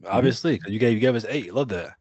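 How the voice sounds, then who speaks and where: A man co-hosting a podcast, casually leading the segments and asking quick questions. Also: medium pitch, a little mellow, breathy edge, no echo, dull audio. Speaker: podcast co-host. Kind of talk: casual chat.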